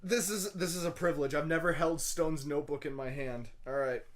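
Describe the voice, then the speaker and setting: A man's voice: fairly high pitch, brisk. A young man co-hosting a podcast, rambling goofily and laughing between bits. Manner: goofy, laughing, loose rambling. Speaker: podcast co-host. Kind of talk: casual podcast chat.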